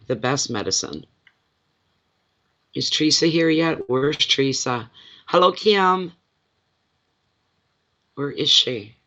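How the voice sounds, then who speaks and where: A man's voice: mid-range voice, sharp tone, lo-fi sound. A man giving a live tarot reading, chatty and joking, and poking fun at himself between cards. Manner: chatty, joking and self-deprecating. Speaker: tarot reader. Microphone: phone.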